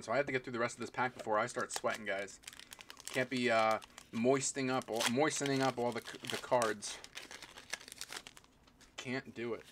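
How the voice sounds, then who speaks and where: A man's voice: mid-range voice, fairly bright tone, a little hiss or hum. A man live-streaming as he opens trading card packs, chatting casually and naming each card as it comes out. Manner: chatty, rambling, calls out each card as it is pulled; talks to viewers and people in the room.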